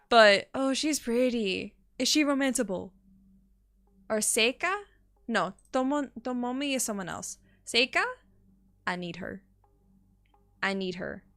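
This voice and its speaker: A bright, sharp-toned young woman chats with her stream viewers in a loose, excitable way. She swears freely and often gasps or laughs mid-sentence. Her voice sits a little high, with soft music faintly playing behind her. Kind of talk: casual stream chat.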